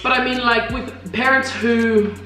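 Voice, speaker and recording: A woman's voice: unhurried, recorded from a distance. A young woman from Australia co-hosting a mukbang, telling a childhood story in casual chat and acting out quoted voices with laughter. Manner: animated, acts out quoted voices in high pitch, laughs often. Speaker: mukbang co-host. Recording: echoey room, off-mic, faint music.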